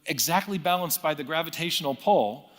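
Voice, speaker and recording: A middle-aged man calmly explaining science history, measured and lecturing, with frequent self-corrections. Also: a little high, long reverb tail. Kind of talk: recorded interview clip, storytelling explanation.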